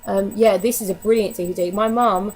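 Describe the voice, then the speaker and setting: A woman's voice: mid-range voice, fairly even intonation, brisk, darkish tone, a little hiss or hum, low-quality recording. A woman chatting casually to camera in a DVD haul vlog, candid and given to casual swearing. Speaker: vlogger.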